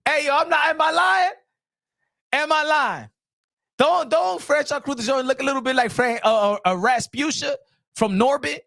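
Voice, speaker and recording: Male boxing vlog host, casual animated commentary, street slang, repetitive emphasis. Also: very high voice, moderate pace, vocal fry, no room sound, clean studio sound.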